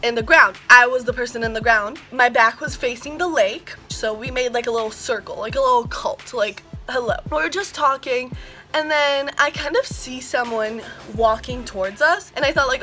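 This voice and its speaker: A teenage girl telling a story on her vlog, slangy and animated, full of "like" and swearing. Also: high voice, moderate pace, faint music behind. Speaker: vlogger.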